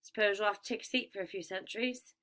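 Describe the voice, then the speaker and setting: A woman voicing a smooth, cold and greedy male ferryman of the dead, with a vaguely British accent and a slow, sweetly menacing drawl. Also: mid-range voice, steady tone, fairly bright tone, close to an everyday voice. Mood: silkily greedy.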